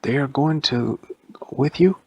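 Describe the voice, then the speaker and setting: A man's voice: mid-range voice, measured pace, husky, no echo, pitched above the performer's own voice. A man voicing an eager, curious young boy in a bedtime story.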